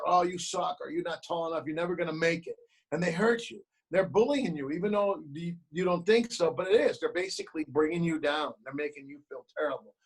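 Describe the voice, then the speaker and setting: A man's voice: a little high, husky, poor audio. A man, an actor and producer, speaking as an interview guest over a video call, telling stories and acting out the voices he quotes. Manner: animated storyteller, acts out quoted voices. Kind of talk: remote interview, storytelling advice.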